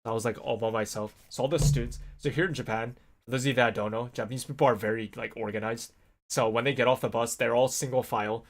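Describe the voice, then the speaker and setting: A young adult man vlogging alone, telling a long casual story with many fillers and animated swearing-to-God asides. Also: mid-range voice, quick pace.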